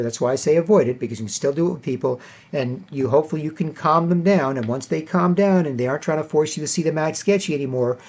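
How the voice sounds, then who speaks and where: A man's voice: a little high, darkish tone. A man telling a long casual story in a rambling way, tagging his sentences with "right?" and "whatever". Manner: acts out other people in a raised, mocking voice. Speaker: vlogger. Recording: dull lo-fi recording.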